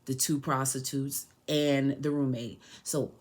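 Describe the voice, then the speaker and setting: A woman's voice: rumbling low, unhurried. A young woman in her twenties, a podcast host telling a personal story in a casual, emotional way, acting out what people said. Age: 20s. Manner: emotional, animated retelling with quoted dialogue.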